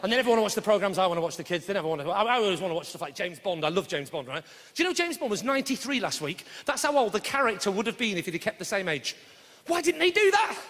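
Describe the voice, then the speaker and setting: A middle-aged man doing a brash, sweary live stand-up routine, shouting his punchlines. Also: sits high, sing-song, racing. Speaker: stand-up comedian. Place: large theatre with audience. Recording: reverberant live hall with audience noise.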